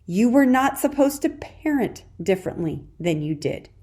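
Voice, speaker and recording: A woman's voice: fairly high pitch, big pitch swings, normal speed. A woman hosting a solo parenting podcast, talking in a chatty, encouraging way and addressing the listener directly. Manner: warm encouraging, addresses listener as "dear warrior"; chatty with frequent "okay" and laughs. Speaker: podcast host and parenting coach.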